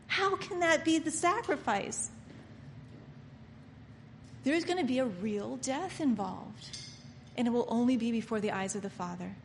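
Woman preacher, fairly high voice, impassioned sermon, soft murmurs to loud emphasis, long reverb, faint background hiss. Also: lively intonation, unhurried, creaky, pauses often. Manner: mocks people by acting out their inner voices.

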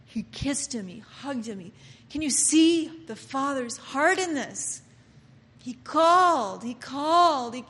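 Animated woman preacher with a high voice, echoey hall, acts out scenes. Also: takes it slowly. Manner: dramatic, acts out voices, laughs often. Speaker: Bible teacher and preacher. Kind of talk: animated sermon-style Bible teaching.

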